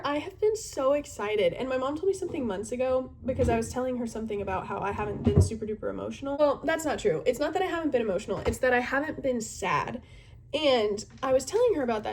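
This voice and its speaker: A woman in her twenties, a youth group leader, chatting casually and earnestly to camera, with many fillers and thoughtful pauses. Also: a little high, lively intonation, darkish tone. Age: 20s.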